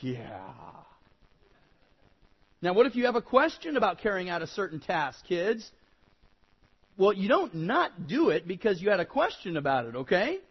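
A high-pitched man delivers a children's Bible lesson, emphatic and insistent, often repeating himself for effect. He livens it up by mimicking whiny kids. The recording sounds dull and lo-fi. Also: normal speed, pauses often, breathy edge. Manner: animated, acts out whiny kid replies; repetitive, emphatic admonishing. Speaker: Bible teacher addressing children.

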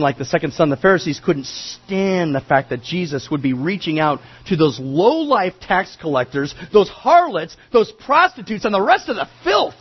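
Male preacher, sermon, very high husky voice, lively, dull lo-fi recording. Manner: animated, dramatic storytelling.

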